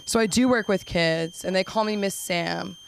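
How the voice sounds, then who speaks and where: A woman's voice: mid-range voice, normal speed, gravelly, slight background noise, poor audio. A young woman doing a stand-up set at an open mic, chatty and self-deprecating, often slipping into silly voices. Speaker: stand-up comedian. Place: comedy club stage.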